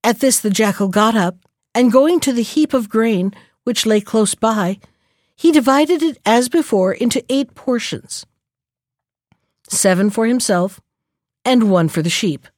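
A woman reading a fairy tale aloud in a gentle, measured storyteller manner. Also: fairly high pitch, lively intonation, no echo, studio quality.

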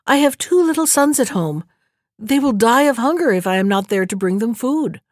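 A mother wild duck, put on by a woman for a storybook, begging high and urgent. The read is dry and close to the mic. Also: animated, normal speed, darkish tone, dry recording, natural voice. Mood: pleading.

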